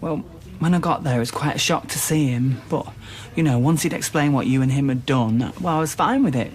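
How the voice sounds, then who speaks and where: A man's voice: a little high, fairly quick, natural voice. A man playing an upset young man, plaintive and chatty, in a TV drama. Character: upset young man after a bad date. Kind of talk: TV drama acting.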